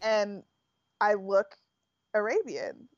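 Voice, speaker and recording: A woman with an American accent hosting a podcast, chatting in a relaxed way with lots of fillers. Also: mid-range voice, slow pace, no room sound, lo-fi sound. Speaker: podcast host. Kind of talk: casual conversational interview.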